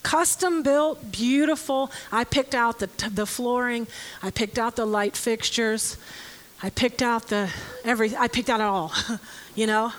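Middle-aged woman, high voice, earnest testimony, soft laughs. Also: measured pace, poor audio. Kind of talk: personal testimony.

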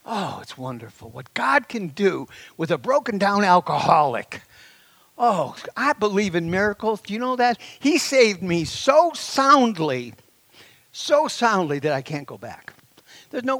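Animated high-pitched male preacher. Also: measured pace, no echo. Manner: animated, exclaiming and laughing, swings between loud and hushed. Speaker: pastor. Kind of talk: sermon.

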